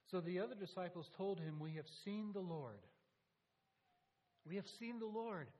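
A man's voice: high-pitched, husky, poor audio. A male pastor preaching a sermon, telling a story with emphatic repeated lines. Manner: animated storytelling with emphatic repetition.

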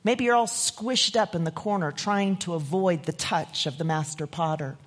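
A woman giving a devotional message and reciting a poem, expressive and dramatic, sometimes dropping to a whisper. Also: on the low side, moderate pace. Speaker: devotional speaker.

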